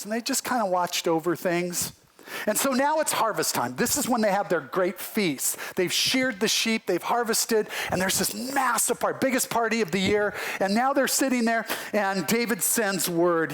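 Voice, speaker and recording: A male pastor preaching a sermon, telling a story with lively acted-out voices on a church livestream. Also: sits high.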